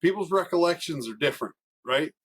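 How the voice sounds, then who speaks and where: Husky young man telling wild stories. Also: on the high side, brisk. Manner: animated, laughing storyteller who swears often. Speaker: racing driver guest. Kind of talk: casual storytelling.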